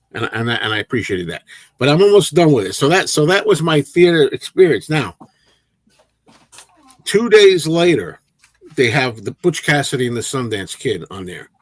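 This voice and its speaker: Animated man telling a story, dry sound. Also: mid-range voice, breathy edge, dry recording. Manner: animated anecdote-telling with frequent restarts. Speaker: host of a movie chat livestream. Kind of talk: casual storytelling to a live chat.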